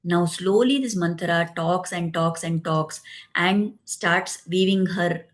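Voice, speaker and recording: A woman's voice: on the low side, slow pace. A woman giving a devotional discourse, explaining the story with frequent "you know" asides. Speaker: religious storyteller.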